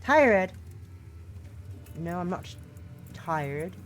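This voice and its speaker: A tired, pouty young goth woman, voiced by a woman reading a visual novel, who talks quietly and drowsily. The delivery is soft and subdued, with faint music underneath. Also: on the low side, big pitch swings, drawn-out words, exaggerated voice. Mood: drowsy, pouty.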